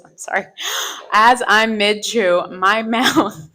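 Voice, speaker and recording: A woman telling a self-mocking personal story live on stage into a microphone, animated and often laughing through her lines. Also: mid-range voice, takes it slowly, poor audio. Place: live stage before an audience.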